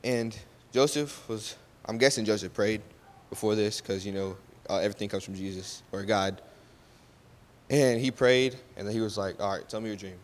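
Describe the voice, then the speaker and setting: With a lowish voice at a moderate pace, a man tells a Bible story in an easygoing, conversational way. He regularly checks in with "right?" and corrects his own slips. The recording has a long hall reverb.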